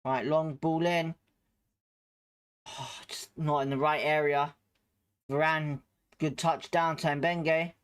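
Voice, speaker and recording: Hosting a live football watchalong, this man's slightly high voice rises with excitable play-by-play and loud reactions to the chances. In quieter stretches he gives chat viewers a friendly, casual hello.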